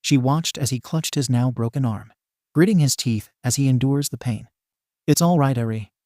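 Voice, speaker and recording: A man narrating a fan fiction story in a plain, steady reading. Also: medium pitch, moderate pace, dry recording, studio quality.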